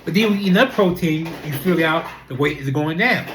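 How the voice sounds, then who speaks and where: A young adult speaker, chatting straight to camera. The talk is loose and animated, looping through rhetorical questions and repeated fillers. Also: mid-range voice, quick pace, a little hiss or hum. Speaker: vlogger. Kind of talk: casual talking-to-camera monologue.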